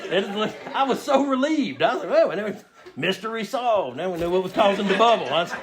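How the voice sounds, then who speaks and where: Speaking a little fast with lively intonation and a high-pitched voice, a recovery meeting speaker recounts a funny story from his life, raising his voice to act out his own lines. The meeting room is noisy, and the live audience laughs.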